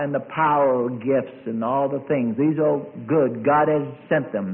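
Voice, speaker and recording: A middle-aged male pastor preaching a sermon, swelling suddenly loud and dropping to a hush. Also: mid-range voice, moderate pace. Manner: dramatic preaching with sudden swells and hushed drops. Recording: tinny phone-like sound.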